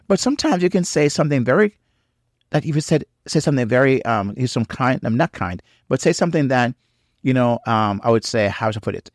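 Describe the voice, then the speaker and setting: A man's voice: mid-range voice, darkish tone, no room sound, studio quality. A married man giving faith-based marriage teaching in an earnest, repetitive way, full of "um" and "you know", with preacher-like emphasis on key phrases. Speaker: podcast co-host on marriage.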